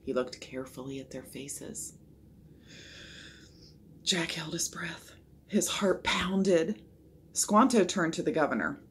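A woman reading a children's chapter book aloud, expressive and voicing the characters. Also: low-pitched, takes it slowly, pauses often, slight background noise. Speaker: storybook reader.

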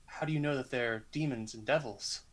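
Man, player, in-character tabletop role-play, earnest, halting, mid pitch.

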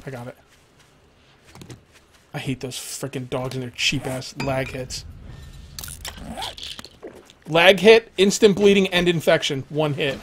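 A young man streaming a survival game live, rambling, joking, thanking followers and swearing at the game. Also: on the high side.

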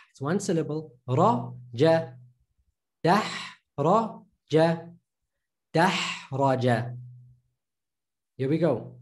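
A man's voice: a little high, warm tone. A man teaching reading in a recorded pronunciation lesson, patiently drilling syllables and repeating each sound several times. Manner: patient, drills syllables with many slow repetitions.

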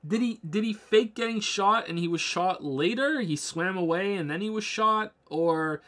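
A man streaming a game and commenting casually, rambling into excited asides and swearing freely. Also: sits high, normal speed. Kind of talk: casual live gameplay commentary.

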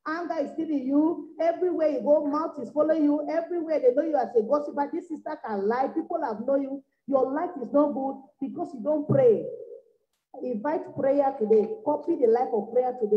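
A high-pitched woman preaching a revival sermon, driving her points home with repetition and sudden loud bursts. Her voice rings around an echoey room. The recording sounds dull and lo-fi. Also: fairly quick. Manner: exhorting, repetitive, swinging from soft to loud bursts. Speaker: evangelist preacher. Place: church meeting room.

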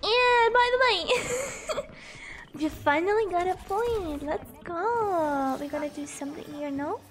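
A woman's voice: very high voice, expressive, a little slow, slight background noise. A young woman streaming a video game, chatting casually and giggling often. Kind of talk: casual gameplay chat.

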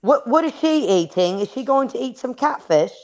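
A woman co-hosting a casual gossip podcast who laughs often and talks slowly. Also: sits high, expressive, darkish tone. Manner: laughs often, slow and drawn out. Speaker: podcast co-host. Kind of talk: casual group chat.

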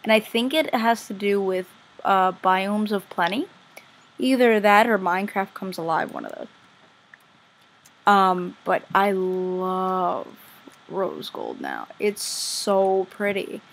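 Excitable husky-voiced woman gaming vlogger. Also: mid-range voice, slow. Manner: excitable, gushing, chatty. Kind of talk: casual game commentary.

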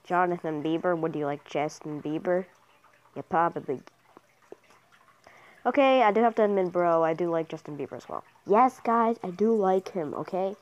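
Young girl gaming and yelling go go go at people, kinda low voice, muffled phone audio. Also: moderate pace. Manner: excitable, cheering and trash-talking other players. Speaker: gamer commentator. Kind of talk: casual gameplay commentary.

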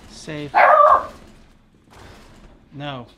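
A man's voice: on the high side, fairly even intonation, extremely slow, fairly bright tone, slight background noise. A man co-hosting a game livestream, giving short laid-back replies and reading in-game notes aloud. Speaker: let's play streamer.

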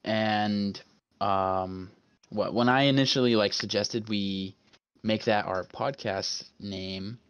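A young man co-hosting a casual podcast, joking loudly and swearing freely. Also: on the low side, fairly even intonation, takes it slowly, clean tone, dry recording, highs cut off. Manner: joking, loud, swears freely, puts on a radio host voice. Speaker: podcast co-host. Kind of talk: casual chat.

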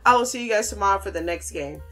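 A woman's voice: medium pitch, expressive, fast talker, a bit bright, poor audio. Jittery woman gamer, game music behind. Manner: jittery, repeats panicked phrases over and over; casual slangy chatter with viewers. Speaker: gaming channel host. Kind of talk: horror game let's-play commentary.

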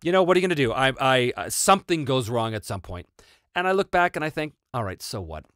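A North American man hosts a casual Q&A, telling stories with a very lively rise and fall in his voice. He laughs often and interrupts himself as he talks, and the recording is dry and close. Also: mid-range voice, fast talker, dry recording. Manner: animated, laughing, self-interrupting. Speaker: host and voice actor. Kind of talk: casual livestream Q&A and storytelling.

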